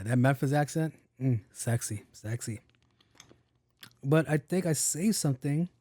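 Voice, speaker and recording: A man's voice: mid-range voice, darkish tone, dry recording, studio quality. A man hosting his own podcast, talking in a rambling, casual way, swearing freely and stumbling over tongue twisters. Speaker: podcast host. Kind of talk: casual solo podcast chat.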